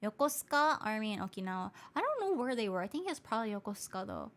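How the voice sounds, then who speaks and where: This woman, a VTuber from Hawaii, keeps up relaxed livestream chatter, responding to viewer comments, mixing English and Japanese mid-sentence, and patiently restating what she means. Her medium-pitched voice is very animated, quick, and fairly bright.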